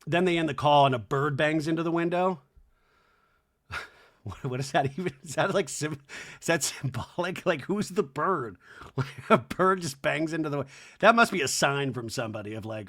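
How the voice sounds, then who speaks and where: A man's voice: fairly high pitch, expressive, moderate pace, a bit bright. A man hosting a podcast, recapping a reality show in a chatty, sarcastic, comedic way. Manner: chatty, sarcastic, laughs often. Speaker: podcast host.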